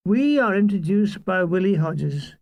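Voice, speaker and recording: A man's voice: high voice, expressive, measured pace, a little mellow, no room sound. A man narrating a comic wartime memoir in a dry, wry storytelling manner. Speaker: audiobook reader.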